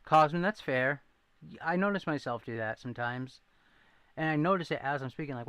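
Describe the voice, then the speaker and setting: A man's voice: a little high, a little fast, a bit bright, smooth, no room sound. A man hosting a casual livestream, chatting with viewers and telling rambling stories with frequent laughs. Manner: rambling storyteller, laughs often; says he needs his glasses to read chat. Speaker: livestream host. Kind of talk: casual livestream chat reading comments.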